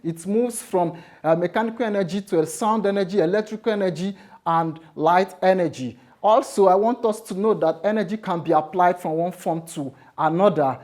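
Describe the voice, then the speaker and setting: A woman's voice: lowish voice, moderate pace, darkish tone. A woman with a Nigerian accent teaching a lesson and setting assignments in a plain, instructive way. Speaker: teacher contestant. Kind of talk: classroom lesson.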